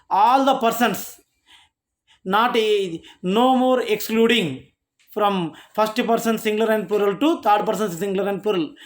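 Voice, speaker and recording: Each example in this grammar lesson gets explained with frequent halts and restarted sentences. The speaker is a college lecturer with an Indian English accent and a medium-pitched voice.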